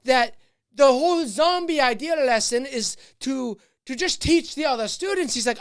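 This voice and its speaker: A man's voice: very high-pitched, normal speed. A man who works as a teacher, chatting casually as a podcast guest and telling a classroom story with lots of acted-out voices. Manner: animated storyteller, acts out voices. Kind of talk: casual chat.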